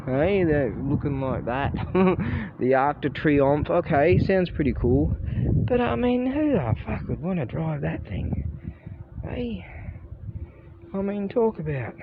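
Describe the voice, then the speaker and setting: An Australian man rambles through a casual vlog, his pitch swinging widely as he jokes, swears and chuckles to himself. He talks in a slow, unhurried way. The sound is a bit muffled, with clear street noise all around him. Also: sing-song. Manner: chatty, swears freely, laughs at his own jokes. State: sleepy. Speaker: vlogger.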